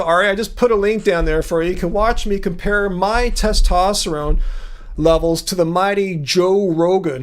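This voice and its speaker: Streaming live in a laid-back way from a home music studio is a man in his fifties. He speaks in a melodic baritone, jumping to high notes for emphasis.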